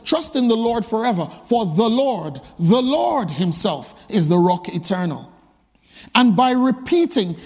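A man's voice: sits high, a little mellow, slightly rough, in a large hall. A male pastor preaching a sermon, emphatic and full of rhetorical repeated questions.

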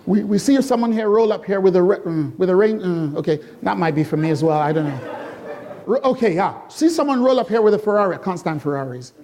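Animated and mellow, this high-voiced middle-aged pastor preaches to his congregation with repeated rhetorical questions. His pacing shifts from slow, stressed lines to sudden quick runs.

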